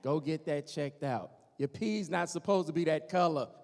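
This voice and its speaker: A man voicing a nagging middle-aged wife who insists on health checkups, in a slow, scolding way. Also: a little high, vocal fry, darkish tone, pitched below the performer's own voice. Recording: reverberant church hall.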